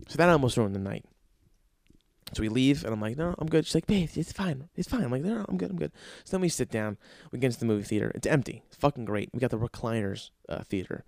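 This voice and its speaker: A man's voice: medium pitch, lively intonation, quick pace, a little mellow. A male stand-up comedian spinning a story with heavy profanity. He breaks into worked-up, exasperated rants. The sound is dry and close, with no room echo. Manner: profane, ranting, exasperated outbursts.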